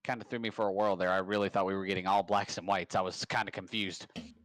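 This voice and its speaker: A man hosting a casual live-stream trivia game, rambling and upbeat with quick bursts of hype. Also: deep voice, flat delivery, a bit bright. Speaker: trivia host. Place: home.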